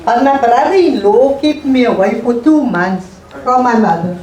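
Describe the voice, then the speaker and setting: A middle-aged woman, an interview guest telling her life story in a halting, emotional way and repeating phrases. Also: on the high side, a little mellow. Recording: echoey room, voice far from mic, faint noise.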